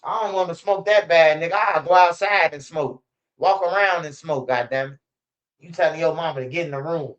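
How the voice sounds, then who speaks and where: A man's voice: on the high side, a little fast, a bit bright, highs cut off. A young man, telling stories in a rambling, slang-heavy, profane way as a channel host. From Chicago. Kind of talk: casual storytelling commentary.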